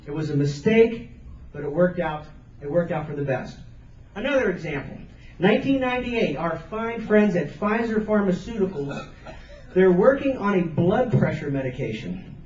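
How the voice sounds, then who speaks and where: A man with a high voice gives an earnest motivational speech, hammering his points home through repetition. He sounds distant and roomy, picked up by a camcorder out in the audience, with a dull, muffled tone and faint hiss. A lecture room carries his voice. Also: darkish tone. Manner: earnest, emphatic, repeats phrases for stress. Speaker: motivational speaker.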